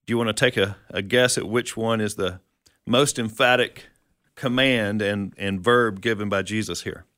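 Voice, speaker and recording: A man's voice: fairly low pitch, fairly even intonation, normal speed, a bit bright, no room sound, studio quality. A man co-hosting a conversational Bible teaching, explaining verses and asking questions. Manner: explanatory, quotes scripture, asks questions.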